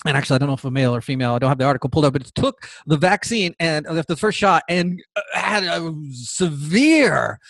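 A man from the United States hosting a podcast, talking in a sarcastic, animated monologue that repeats phrases for emphasis. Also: on the high side, quick pace, gravelly, no room sound. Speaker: podcast host.

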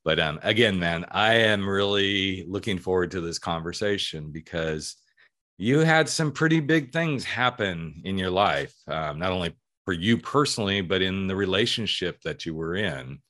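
Male podcast host, 40s, from California, very low voice, earnest and chatty. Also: lively intonation, normal speed, fairly bright tone. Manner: earnest, chatty, with rambling asides. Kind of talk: casual podcast chat.

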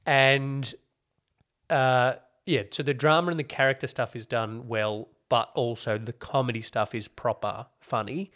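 A man's voice: mid-range voice, fairly even intonation, unhurried, a bit bright. A man, co-hosting a casual podcast chat and explaining a TV show at length with wry asides. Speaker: podcast co-host. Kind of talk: casual chat reviewing TV shows.

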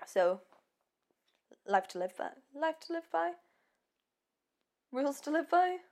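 A woman's voice: high-pitched, big pitch swings, slow pace. A woman co-hosting a casual true-crime podcast, telling the story in a chatty, giggly way with many ums. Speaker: podcast co-host.

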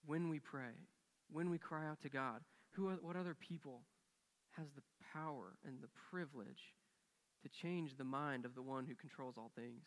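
A man preaching to his congregation in an echoing church sanctuary, his voice carrying a long reverb tail. He tells his story earnestly, bringing quoted dialogue to life with swells and hushes. His pitch sits mid-range. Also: moderate pace. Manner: earnest, acts out quoted dialogue with rising and falling intensity. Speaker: pastor. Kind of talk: sermon storytelling.

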